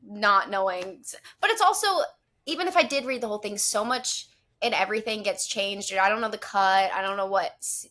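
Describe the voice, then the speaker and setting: A woman appearing as a guest on a podcast, speaking thoughtfully and earnestly. She works through long, reflective sentences about her craft. Her voice sits at an everyday middle pitch. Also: brisk, sharp tone. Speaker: actress guest. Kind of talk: casual podcast interview.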